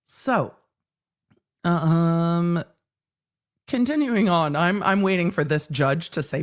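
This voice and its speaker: On the low side and taking her time, this host of a live legal commentary stream leaves long pauses. She rants with swearing and dramatizes courtroom back-and-forths.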